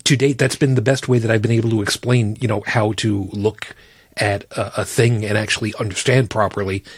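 A man's voice: lowish voice, steady tone, a little fast, husky, dry recording, clean studio sound. A man co-hosting a casual podcast panel chat, blunt and profane as he explains his point. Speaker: podcast co-host.

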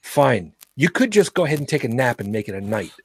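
Husky man hosting a rambling stream. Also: mid-range voice, very animated, a little fast, a little mellow, dry recording. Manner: rambling, trails off and restarts, swears offhand. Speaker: host. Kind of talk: casual chat on a livestream panel.

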